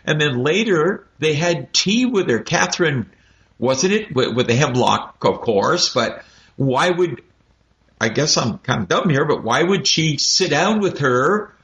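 A man talking animatedly and with strong opinions in a casual book discussion, in quick bursts. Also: fairly high pitch, expressive, a bit bright. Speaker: book club member. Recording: dull lo-fi audio.

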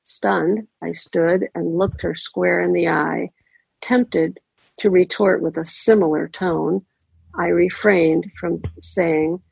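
A woman reads a first-person story in a measured, deliberate way. Her voice is deeply gravelly and husky, and she sits a little low in pitch. The recording is dry and dull, with a lo-fi sound. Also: fairly even intonation, darkish tone, dry recording.

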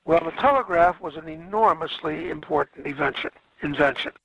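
A man's voice: a little high, a little fast, vocal fry, pushed and bright, breathy edge, highs cut off. A man lecturing a class on history, rambling along and correcting himself with frequent fillers.

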